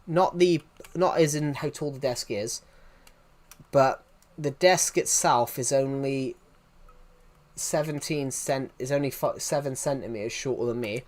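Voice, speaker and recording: A man's voice: mid-range voice, measured pace, a little mellow. A man with a Southwest English accent chatting casually on a live stream, rambling and answering viewers' messages. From England. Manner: rambling, restarts often, answers chat.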